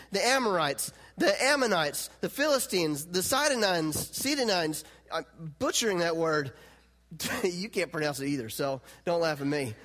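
Guy preaching a sermon, high voice, laid-back and chatty, lots of hall reverb. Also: a bit bright. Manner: conversational, laughs often, plays out God's lines with rising intensity.

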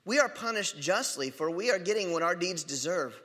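A man's voice: sits high, lively intonation, normal speed, sharp tone, in a large hall, full character voice. A man voicing a condemned criminal who rebukes his fellow prisoner in an earnest, pleading tone.

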